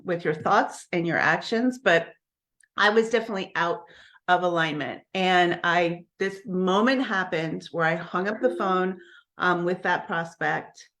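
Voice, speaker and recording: A woman's voice: lowish voice, a bit bright. A woman who coaches network marketers, telling a personal story on a live stream in a candid, earnest way, often restarting her sentences.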